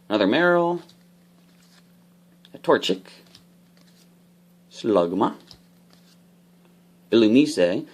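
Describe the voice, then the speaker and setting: Guy w a lowish voice, super animated, chatting thru a card pack unboxing and explaining the rules. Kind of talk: casual unboxing commentary.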